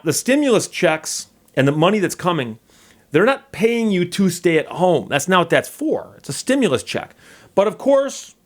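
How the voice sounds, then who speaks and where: A middle-aged man hosting a legal commentary channel, telling a story in a dry, wry way and mockingly reading out messages. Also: on the high side. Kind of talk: casual talking-head monologue.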